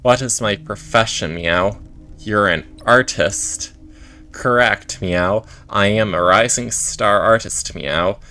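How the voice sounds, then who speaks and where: A man's voice: fairly low pitch, slow, sharp tone, exaggerated voice. Man reading as a vain cat artist. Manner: ends lines with "meow". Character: vain male cat artist, flowery and eager.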